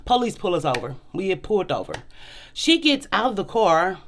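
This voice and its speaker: Blunt, animated woman vlog host. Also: a little fast. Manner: animated storytelling, voices quotes with big pitch jumps; blunt, profane, conversational. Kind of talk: casual commentary vlog.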